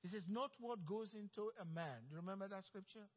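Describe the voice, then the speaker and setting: A man preaching a sermon as pastor, acting out quoted coworkers and swinging from loud, bold lines to hushed ones. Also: high-pitched, fairly quick. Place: church sanctuary. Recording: dull sound with long church reverb.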